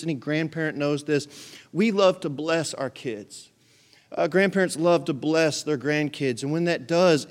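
A man preaching a sermon as pastor in a church, building to emphatic peaks and dropping into joking asides. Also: on the high side.

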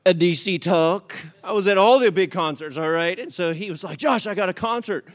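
A pastor with a high-sitting voice delivers a sermon briskly and animatedly. He tells a comic story peppered with "all right?" asides before turning to scripture.

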